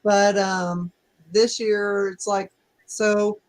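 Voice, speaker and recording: Middle-aged woman co-host, mid pitch, halting casual talk with lots of ums. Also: level tone, poor audio. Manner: hesitant, many ums and restarts. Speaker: co-host of a livestream. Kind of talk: casual chat. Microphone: laptop.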